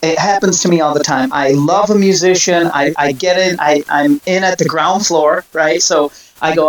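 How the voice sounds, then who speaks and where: A man chatting casually about music, telling long stories with many restarts and quick asides. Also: on the high side, fairly even intonation, low-quality recording. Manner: rambling storyteller, many restarts. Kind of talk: casual chat.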